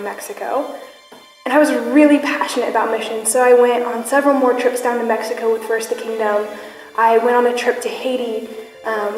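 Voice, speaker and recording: A young woman giving an earnest, candid personal testimony to a church gathering, with plenty of fillers. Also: a little high. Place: church hall. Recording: echoey church hall with music.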